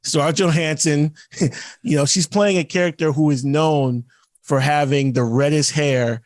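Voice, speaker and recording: A man's voice: a little high, steady tone, measured pace, no echo. Rambling podcast guy, dry close sound. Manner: rambling, many restarts and acted-out quotes. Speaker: podcast co-host. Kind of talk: casual chat.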